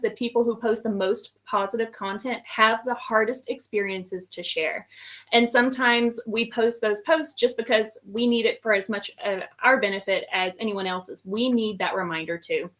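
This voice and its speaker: A woman's voice: mid-range voice, a bit bright. Sincere woman show guest. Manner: sincere, heartfelt praise.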